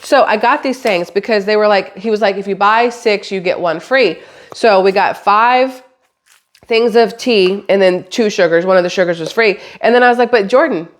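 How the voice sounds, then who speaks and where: A woman's voice: mid-range voice, moderate pace. Rambling, chatty woman vlogger. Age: adult, has a daughter. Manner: chatty, rambling, swears casually. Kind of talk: casual chat to camera.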